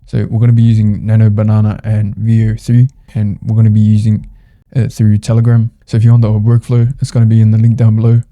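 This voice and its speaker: Flat gravelly low-voiced man. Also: lo-fi sound. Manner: easygoing, loose, thinking aloud as he types. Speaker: tutorial host. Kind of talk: casual screen-recorded software walkthrough.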